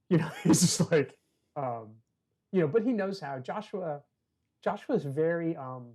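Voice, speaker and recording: A man of medium pitch chats as a guest on a conversation podcast and tells long personal stories. His talk is loose and full of "you know" and restarts. He acts out the voices of the people in his stories and throws in dry, self-mocking jokes. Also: darkish tone. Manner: chatty, many "you know" fillers, acts out quoted voices; wry, self-deprecating humor. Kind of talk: casual conversational storytelling.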